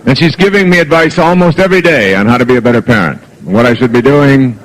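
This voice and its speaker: A middle-aged man giving a live seminar talk as a motivational speaker, telling humorous stories with chuckles and moving between soft and emphatic delivery. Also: mid-range voice, animated, fast talker, low-quality recording. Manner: humorous anecdotal storytelling with chuckles.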